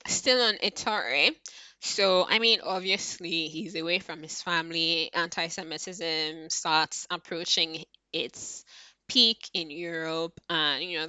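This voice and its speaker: Woman, casual book review rant, exasperated and swearing, crisp bright tone, dry close sound. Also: lowish voice, no echo. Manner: heated, swearing, exasperated, lots of fillers.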